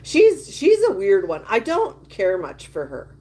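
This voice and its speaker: A woman's voice: mid-range voice, wildly swooping pitch, a little slow, darkish tone, husky. A woman hosting a casual livestream, gossiping emphatically and reacting indignantly to viewer comments. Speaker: livestream host.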